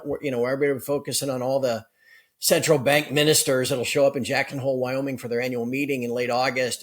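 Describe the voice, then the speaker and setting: Brisk, explanatory male guest. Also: mid-range voice. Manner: brisk, explanatory, with occasional laughs. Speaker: guest analyst. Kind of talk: conversational interview.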